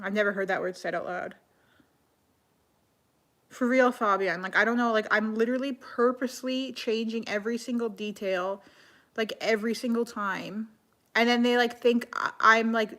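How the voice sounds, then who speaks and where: Woman livestreamer, slightly high pitch, loose casual chat peppered with "like" and restarts. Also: steady tone, fairly bright tone. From Canada. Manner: chatty, heavy use of "like", quick self-corrections. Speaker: livestreamer reading comments. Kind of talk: casual live-stream chat.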